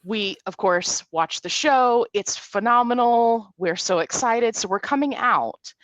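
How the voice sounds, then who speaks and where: A woman in her forties, a podcast guest, telling a story in a lively way and acting out what people said. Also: on the high side, measured pace, no echo. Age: 40s. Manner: animated storyteller, acts out quotes. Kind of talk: casual storytelling in a podcast interview.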